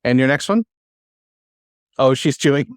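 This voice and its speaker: Male teacher, patient and encouraging, mid-pitched, dry recording. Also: lively intonation, a little slow, smooth, no room sound. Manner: patient, encouraging, filler-heavy. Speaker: Hebrew teacher. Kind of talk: classroom teaching. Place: classroom.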